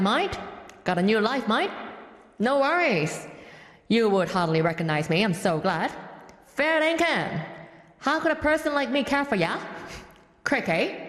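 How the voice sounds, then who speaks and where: A woman's voice: fairly high pitch, fairly bright tone, roomy sound, big-room sound. A woman voicing a cheery, slang-heavy Australian woman who drawls song lyrics. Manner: drawling, sprinkles slang into every line.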